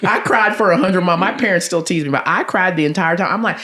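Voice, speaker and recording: A woman's voice: quick pace, hardly any pauses. A woman, a podcast guest telling stories expressively and acting out quoted lines, with frequent laughter. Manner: expressive, acts out quotes with big pitch swings, laughs often. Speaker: guest, athletics director. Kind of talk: animated storytelling in conversation.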